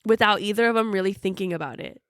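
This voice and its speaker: A woman co-hosting a podcast, chatting casually about a book and retelling scenes with lively quoted dialogue. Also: medium pitch, fast talker, clean tone, no echo, clean studio sound. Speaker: podcast co-host.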